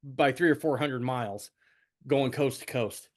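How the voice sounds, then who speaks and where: A middle-aged man hosting a podcast, telling a family story in casual conversation, repeating words and rambling. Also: measured pace. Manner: rambling, repeats words, animated swings in pitch. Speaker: podcast host.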